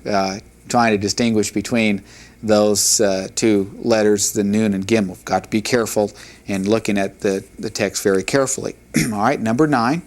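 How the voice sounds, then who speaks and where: A man teaching a Hebrew reading lesson, sounding out practice words one at a time with long pauses and stopping to correct himself. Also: lowish voice.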